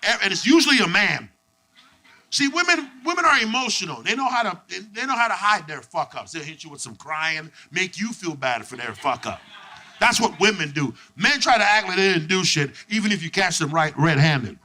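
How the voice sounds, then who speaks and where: A man doing a stand-up comedy set on a club stage, animated and profane, acting out people in his stories. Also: high-pitched, brisk. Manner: animated, profane, acts out voices.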